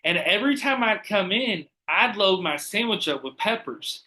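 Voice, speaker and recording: Male podcast host, bright and forceful voice, animated and profane storyteller. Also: sits high, normal speed. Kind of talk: casual chat.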